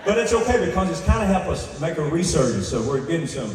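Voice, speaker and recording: A man's voice: sits high, fast talker, hardly any pauses, a little mellow, slight background noise. An older man telling rambling, self-interrupting jokes in a live stand-up set. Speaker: country singer doing stand-up between songs. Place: large indoor theater stage. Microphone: stage microphone through PA. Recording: echoey live hall recorded from far off. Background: audience laughter and music.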